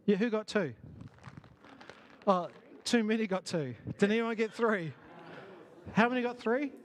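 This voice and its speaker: A man speaks to a church gathering, his voice sitting a little higher than most men's. He talks loosely and conversationally, tosses questions to the crowd and laughs at his own failings. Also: measured pace. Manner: conversational, self-deprecating, asks the audience questions. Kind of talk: conference talk to an audience. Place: church hall.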